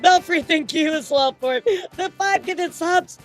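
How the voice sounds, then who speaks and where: A young woman streaming live, excitedly thanking viewers, laughing often and swearing. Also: very high voice, unhurried, faint music behind.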